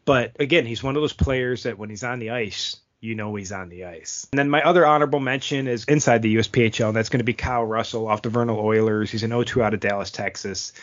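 A man co-hosting a hockey podcast in casual chat, rambling and animated, laughing at his own stumbles. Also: on the low side. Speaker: podcast co-host. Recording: dull lo-fi audio.

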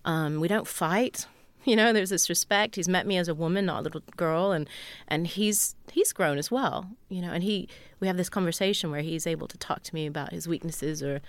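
A woman's voice: fairly low pitch, brisk, hardly any pauses, no echo. A woman guest on a podcast, talking in a casual, emotional way with many restarts, now and then sounding a bit British. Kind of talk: casual chat.

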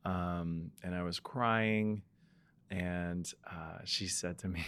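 A man in his thirties talks candidly on a podcast about his past. He is reflective, often pausing on ums, and his voice sits low. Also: fairly even intonation, fairly bright tone, clean tone. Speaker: podcast co-host. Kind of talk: casual personal storytelling.

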